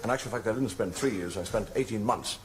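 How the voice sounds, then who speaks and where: A man's voice: lowish voice, fast, over a noisy crowd. An older man doing stand-up, telling rambling, wry anecdotes and putting on quoted voices. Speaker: stand-up comedian. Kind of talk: stand-up storytelling. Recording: noisy stage recording.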